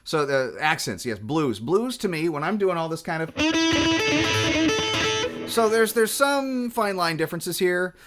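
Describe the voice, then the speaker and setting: With a fairly high, bright voice that swings widely in pitch, this Pacific Northwest guitar vlogger from Washington State speaks at a measured pace and pauses often. He rambles casually about guitars, restarting and using fillers, while faint music plays behind him.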